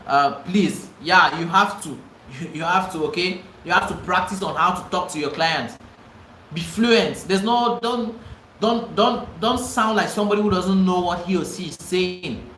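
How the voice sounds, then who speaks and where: A man's voice: high-pitched, measured pace, fairly bright tone, roomy sound, a little hiss or hum, low-quality recording. A man with a Cameroonian English accent teaching a live online real estate class, emphatic and repeating himself for stress. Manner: emphatic, repeats phrases, pleading asides.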